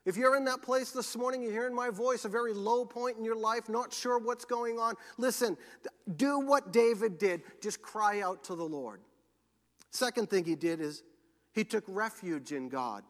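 High-voiced pastor in a reverberant hall. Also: male voice. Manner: earnest, slows for scripture and emphasis. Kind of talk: sermon.

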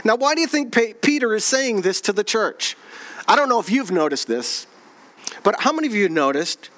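Guy preaching a sermon, pretty high voice, asks the crowd questions, slows way down on the big lines. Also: a bit bright. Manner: asks the congregation questions, reads scripture aloud; slows and drops low on key phrases. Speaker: pastor.

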